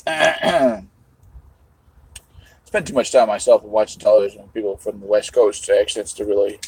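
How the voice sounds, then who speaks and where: A man's voice: lowish voice, normal speed, a little mellow, slightly rough, rough recording. A man hosting a live stream, rambling to his chat while eating, swearing casually as he goes. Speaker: livestream host.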